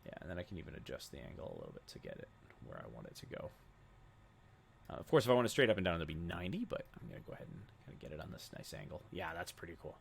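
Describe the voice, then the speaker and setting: Young man, casual tutorial narrator, lively voice with a gravelly edge. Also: deep voice, rapid-fire. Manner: casual, thinking aloud while clicking through settings. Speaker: web design tutor. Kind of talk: screen-recorded software tutorial.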